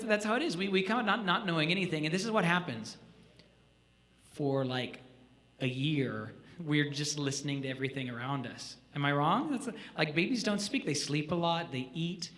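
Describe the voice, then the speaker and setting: Bright-voiced man teaching a jazz clinic. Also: a little high, normal speed. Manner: animated, joking, asks the audience questions. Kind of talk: live music clinic teaching students. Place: school auditorium.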